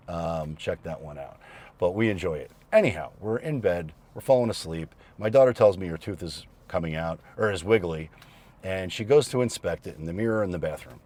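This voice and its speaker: Low-voiced man telling a heartfelt story. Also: darkish tone. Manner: reflective, heartfelt, with fillers and pauses. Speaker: vlogger. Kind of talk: casual storytelling to camera.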